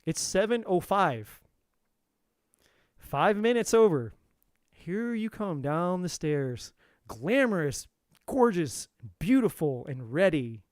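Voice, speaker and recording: A man's voice: high-pitched, big pitch swings, slow, pauses often, dry recording, studio quality. A man giving a spiritual talk as a tarot reader on a live stream, telling an impassioned story with lots of swearing and repeated phrases.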